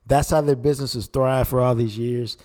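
A man co-hosting sports talk, breaking down football and chatting about sponsors in a steady, conversational way. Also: medium pitch, brisk. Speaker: sports radio co-host. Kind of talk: casual football analysis.

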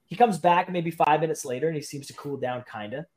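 Higher-voiced man telling lively stories. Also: a little fast. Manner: animated anecdote-telling, heavy use of "like". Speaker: podcast guest. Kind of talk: casual storytelling chat.

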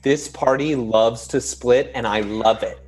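A man playing a tabletop game, chatting playfully with a creaky, husky voice. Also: mid-range voice, unhurried, a little mellow. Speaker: player. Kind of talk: casual game chat.

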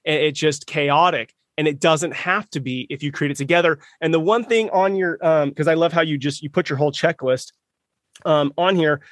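A man hosting a podcast, with a somewhat high voice for a man. He sounds upbeat and is quick to affirm his guest. His voice is dry and close, with no room sound. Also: no echo. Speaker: podcast host. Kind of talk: casual interview talk.

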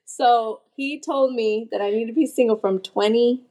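A woman guest telling a personal story on a podcast in a lively, animated way, with frequent "like" fillers and voices for the people she quotes. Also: a little high, normal speed.

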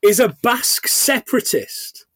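A man's voice: high voice, big pitch swings, measured pace, fairly bright tone, a little hiss or hum. A man in his forties co-hosting a casual film podcast, recapping the plot with jokey asides and frequent laughter. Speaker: podcast co-host.

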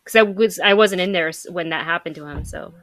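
A woman's voice: fairly low pitch, a little fast, a bit bright, no echo. A woman playing a tabletop game, speaking in character and asking the game master questions, with hesitant restarts. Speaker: player.

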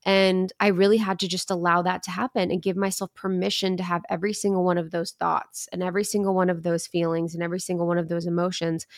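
Gravelly low-voiced woman, candid storyteller. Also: dry recording, studio quality. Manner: earnest, candid, dips into quoted inner thoughts. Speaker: podcast guest. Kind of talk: reflective storytelling.

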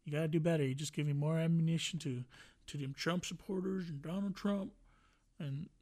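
A man's voice: a little high, fairly even intonation, a little fast, a little mellow. A man hosting a podcast alone, rambling and joking with a lot of profanity in casual chat. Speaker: podcast host.

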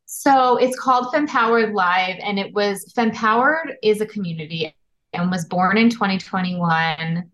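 A woman's voice: mid-range voice, measured pace, fairly bright tone. A woman publisher as a podcast guest, telling personal stories earnestly and candidly. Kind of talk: casual interview chat.

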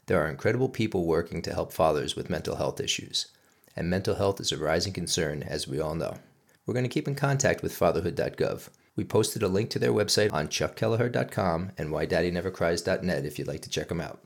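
A man's voice: deep voice, expressive, brisk, vocal fry. A middle-aged man hosting a podcast, reading a scripted monologue in a blunt, emphatic way with crude language. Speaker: podcast host.

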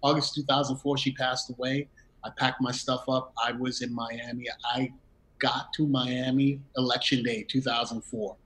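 A man's voice: medium pitch, little pitch movement, moderate pace, a bit bright, rough recording. A middle-aged man, a guest in a conversation, telling a personal story and acting out the quoted dialogue with bursts of laughter. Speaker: interview guest.

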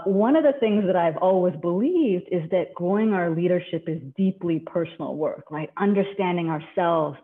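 Canadian woman on a tinny line. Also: fairly low pitch. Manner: composed, articulate storytelling. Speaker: leadership coach, guest. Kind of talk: podcast interview. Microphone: remote call.

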